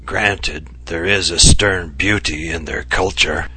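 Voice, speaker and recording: A man reading aloud as a mischievous, ailing older writer, deep-voiced and husky, who slides between teasing and mock gravity. The recording is dry and close. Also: slow, bright, forceful tone, no room sound, exaggerated voice. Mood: mock-grave. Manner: mock-serious, mischievous, coughing bouts. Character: impish ailing older male writer, theatrical.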